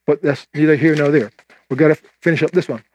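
An older man preaching a sermon, telling a story and voicing its people, then slowing down to read scripture. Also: no room sound, highs cut off. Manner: animated storyteller, quoting voices with rising pitch, slowing for scripture.

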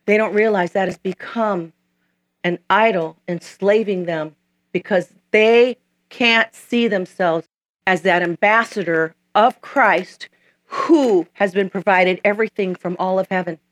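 A woman's voice: mid-range voice, unhurried. A woman preacher delivering a sermon, emphatic and repetitive as she tells stories.

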